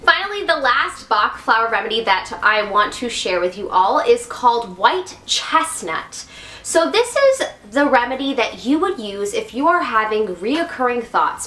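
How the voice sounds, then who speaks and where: A bubbly young woman talks casually to her viewers, quick to giggle. Her voice is bright and forward. The sound carries a noticeable room echo. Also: a little high, a little hiss or hum. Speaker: YouTube wellness host. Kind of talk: casual talk to camera. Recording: echoey room.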